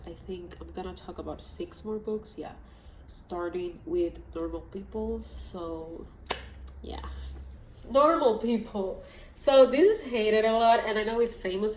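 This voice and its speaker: A woman's voice: medium pitch, a little mellow. A woman book vlogger in casual chat, talking about books she loves, chatty and emotional, filling her talk with "like" and "so yeah". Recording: echoey room with faint background hiss.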